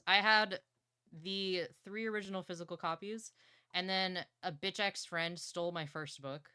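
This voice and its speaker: Excitable young woman chatting on stream. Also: fairly low pitch, normal speed, clear, resonant tone, dry recording, clean studio sound. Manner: excitable, playful, swears casually. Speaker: livestreamer. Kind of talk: casual livestream chat about books. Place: partner's home streaming setup.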